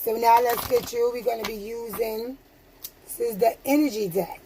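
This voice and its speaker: Woman doing a chill card reading, aave, kinda high voice, faint room hum behind. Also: steady tone, moderate pace. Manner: soothing, affirming, laughs often. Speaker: tarot reader. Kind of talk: casual spiritual card reading.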